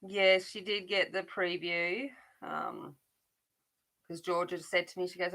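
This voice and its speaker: A middle-aged woman who hosts an adult colouring channel chats casually while she colours, rambling and often restarting her sentences. Her voice is lowish, steady, a little slow, and sounds pushed and bright.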